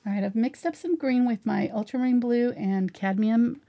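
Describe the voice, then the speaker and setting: A woman's voice: a little high, normal speed, vocal fry, warm tone. A middle-aged woman teaching a live painting tutorial, chatting casually while she paints. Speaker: painting instructor.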